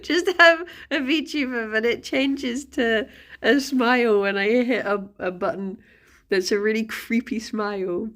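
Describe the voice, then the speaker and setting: A woman's voice: on the high side, animated, moderate pace, fairly bright tone. A woman streamer chatting casually on a live stream, rambling and often breaking into laughter.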